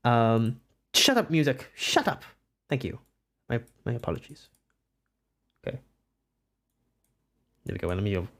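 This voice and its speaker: A young Welsh art streamer talks casually to viewers, rambling and breaking into frequent giggles. The pitch swings widely and expressively, at a middling height overall. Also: sing-song, unhurried, gravelly, long pauses, fairly bright tone. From Wales. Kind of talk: casual live-stream chat.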